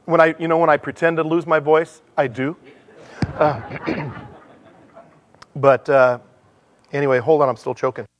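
A middle-aged man giving a sermon in a church, animated and self-deprecating, telling stories and acting out dialogue. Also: on the high side, measured pace, long pauses. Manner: animated, acts out dialogue in changing voices. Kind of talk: sermon with storytelling.

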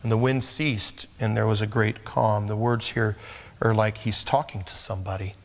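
A man's voice: fairly low pitch, steady tone, moderate pace. A man preaching a sermon in a conversational manner, acting out scripture scenes. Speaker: pastor. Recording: long echo of a large hall.

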